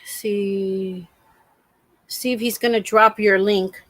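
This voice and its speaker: A middle-aged woman hosting a crafting live stream, telling a story in an animated, exclamatory way. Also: medium pitch, slow pace, dry recording. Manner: animated, exclamatory, acts out the scene.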